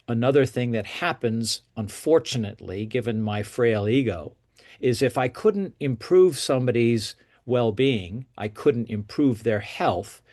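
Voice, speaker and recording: An older man, a retired gynecologist, talking in an interview in an earnest, self-critical, reflective way, often acting out what he once said to patients. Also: medium pitch. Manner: earnest and self-critical, voicing his past words to patients. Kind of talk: reflective confessional interview talk.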